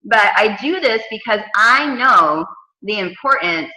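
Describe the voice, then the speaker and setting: A woman in her thirties coaching her team on a casual video call, telling stories with lively, dramatic asides. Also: medium pitch, a little slow, echoey room, poor audio. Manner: animated storytelling with dramatic quoted asides.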